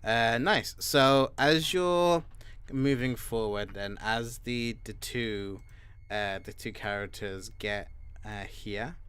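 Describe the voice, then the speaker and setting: A young man running a tabletop game as game master, narrating slowly with many ums and pauses. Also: mid-range voice, a bit bright, clean tone. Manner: slow, halting narration full of ums and uhs.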